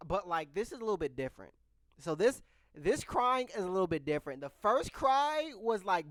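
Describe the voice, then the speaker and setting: A man's voice: sits high, big pitch swings, normal speed, a bit bright, dry recording. A young man in his twenties candidly telling a rambling personal story to his viewers. He restarts his sentences often as he goes. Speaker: vlogger. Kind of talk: casual storytelling. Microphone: microphone close by.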